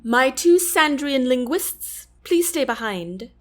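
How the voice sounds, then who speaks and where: A woman's voice: sits high, animated, slow pace, a bit bright, pitched above the performer's own voice, heavily acted. A formal young queen, as a woman reads her. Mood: commanding. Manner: formal, regal speech. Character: commanding young female queen.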